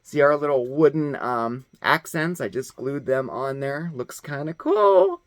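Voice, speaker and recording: A man's voice: medium pitch, a little slow, a bit bright, no room sound. A man hosting a casual DIY craft video, chatty and upbeat, often checking in with "okay?". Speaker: host.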